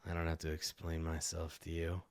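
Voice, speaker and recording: A man voicing a surly, grinning middle-aged man in a cloak in a tabletop game, speaking in a gruff mutter. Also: a bass voice, completely flat delivery, a little fast, no echo, pitched below the performer's own voice.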